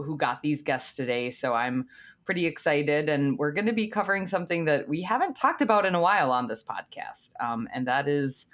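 Low-pitched woman co-hosting a podcast. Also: a bit bright. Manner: upbeat, laughs easily between questions. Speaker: podcast co-host. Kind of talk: casual podcast chat.

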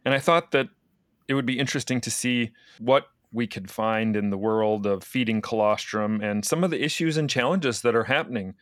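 A man co-hosting a casual farm podcast, introducing guests and reading out tallies in an even, steady way. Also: mid-range voice, normal speed, dry recording, studio quality. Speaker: podcast co-host.

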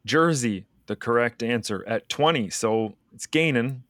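A man co-hosting a farming podcast in relaxed conversation. He reads out lists of numbers in an even, steady way. The sound is dry and close, with no room echo. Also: mid-range voice, measured pace. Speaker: podcast co-host. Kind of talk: casual podcast chat.

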